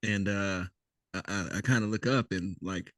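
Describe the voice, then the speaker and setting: A man in his thirties co-hosting a podcast, joking and swearing freely as an animated storyteller. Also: lowish voice, moderate pace, no echo, studio quality. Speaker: podcast co-host, army veteran. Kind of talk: casual chat.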